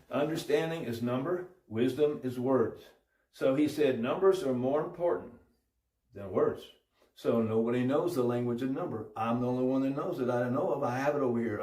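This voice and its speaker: A man telling a Bible story in an informal preaching style, animated and full of restarts. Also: mid-range voice, far from the mic. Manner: animated, acts out voices, many restarts. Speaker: religious storyteller. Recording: roomy audio from off-mic.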